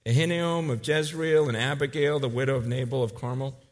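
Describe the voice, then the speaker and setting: A man in his forties preaching a sermon, acting out emotional scenes, then turning quiet and earnest. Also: mid-range voice, steady tone, brisk, long reverb tail. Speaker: pastor.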